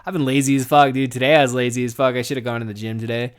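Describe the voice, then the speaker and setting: A young adult man hosting a podcast from his garage office, rambling and profane, laughing a lot and swinging from mumbled asides to loud excited bursts. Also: mid-range voice, very fast, clean tone, soft background music. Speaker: podcast host. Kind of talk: casual podcast monologue.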